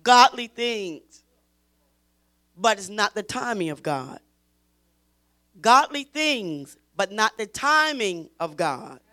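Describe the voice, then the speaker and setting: A woman teaching a Bible study in an emphatic preaching style, repeating phrases and pushing her voice toward a shout. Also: medium pitch, very animated, takes it slowly.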